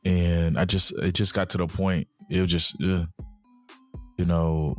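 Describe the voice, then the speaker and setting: A man's voice: sits low, little pitch movement, unhurried, soft background music. A man co-hosting a podcast, chatting casually and playfully, with exaggerated imitations. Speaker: podcast co-host. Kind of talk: casual chat.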